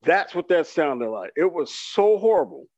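A man co-hosting a podcast, delivering a comedic rant in an animated, mock-boastful way and acting out his own excitement. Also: fairly high pitch, normal speed, lo-fi sound, background noise. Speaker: podcast co-host.

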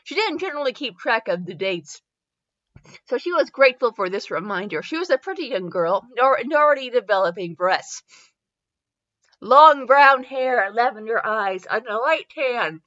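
A woman's voice: on the high side, expressive, normal speed, a bit bright, lo-fi sound. A woman with a Midwestern accent who hosts a comedic fanfiction reading show, rambling and giggling as she reads. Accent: Midwestern American. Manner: giggly and rambling, with frequent laughter. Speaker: fanfiction reviewer and host.

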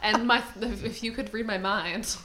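A woman's voice: fairly high pitch, fairly even intonation, moderate pace, very noisy. A woman co-hosting a casual podcast, teasing and laid-back, with a dry delivery. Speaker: podcast co-host.

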